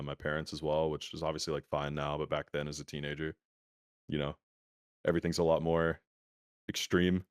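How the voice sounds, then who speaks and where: A young man speaks as an interview guest, easygoing and full of filler words. His voice sits very low and has a smooth, resonant tone. The sound is dry and comes over a video call that sometimes stutters. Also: dry recording. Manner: relaxed, many filler words like "um" and "like". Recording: laggy internet call audio.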